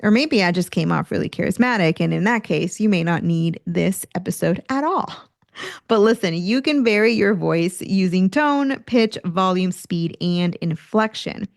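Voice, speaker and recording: A woman hosting a career podcast, coaching listeners in an energetic teaching manner and acting out examples of tone as she goes. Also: on the low side, normal speed, creaky, no echo, studio quality. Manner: energetic, demonstrates tone shifts, occasional laughs.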